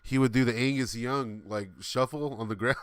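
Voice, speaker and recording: A man's voice: mid-range voice, normal speed, smooth, no echo. A man in his thirties hosting a livestream, telling a rambling, laughing story with many fillers and some swearing. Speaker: livestream host.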